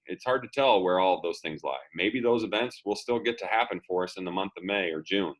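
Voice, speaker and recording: A man's voice: low-pitched, brisk, few pauses, low-quality recording. Upbeat man telling a motivational story. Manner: upbeat, acts out quoted dialogue. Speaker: school motivational speaker.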